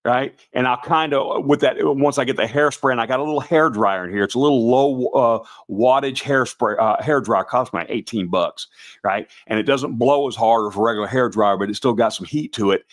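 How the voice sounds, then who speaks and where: A man with a slightly raspy voice hosting a live stream, talking in a folksy, rambling way and often restarting his sentences. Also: medium pitch, a little fast. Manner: folksy and rambling, with many restarts, calling viewers brother and guys. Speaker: host of a Santa performer show. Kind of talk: casual live-stream chat.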